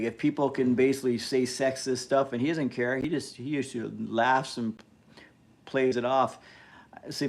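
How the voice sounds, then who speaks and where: A man hosting a casual live stream, talking bluntly in an animated rant that is full of swearing. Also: mid-range voice. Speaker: livestream host.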